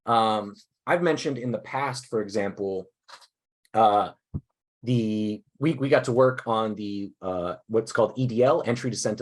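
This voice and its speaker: Man, workshop presenter, video call, upbeat, halting, lowish pitch. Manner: upbeat, halting, self-deprecating. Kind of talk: casual online workshop talk. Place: indoors at a desk.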